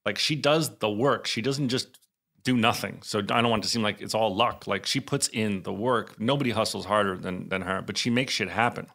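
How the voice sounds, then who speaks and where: A man's voice: on the low side, a little fast, creaky, a bit bright. A man co-hosting a podcast in casual chat, rambling and self-mocking with many restarts. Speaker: podcast co-host.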